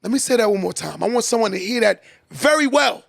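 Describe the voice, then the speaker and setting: Gravelly high-voiced man preaching. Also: lively intonation, fast, a bit bright, dry recording, studio quality. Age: adult, father of a son. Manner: preachy, repeats key lines for emphasis. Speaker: podcast host. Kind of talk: motivational monologue.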